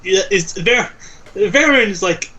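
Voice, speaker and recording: A man's voice: high-pitched, lively intonation, takes it slowly, sharp tone. A man playing a tabletop game, joking about his character with stumbling restarts. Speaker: player. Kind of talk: casual tabletop game chat.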